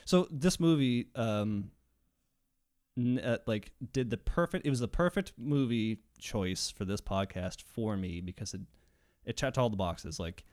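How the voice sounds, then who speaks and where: Animated man chatting about movies. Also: on the low side, a little slow. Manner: animated, acts out scenes in voices. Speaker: podcast host. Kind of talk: casual movie chat.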